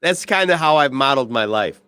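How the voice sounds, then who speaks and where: A man's voice: mid-range voice, animated, brisk, pushed and bright, smooth, no room sound, clean studio sound. A middle-aged man co-hosting a podcast, chatting casually, swearing freely and acting out movie quotes. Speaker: podcast co-host. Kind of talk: casual chat.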